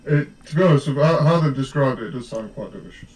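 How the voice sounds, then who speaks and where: A man's voice: mid-range voice, fast talker, darkish tone, husky. A British man chatting casually on a stream, teasing and rambling with restarts. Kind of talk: casual chat. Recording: distant, roomy, with faint noise.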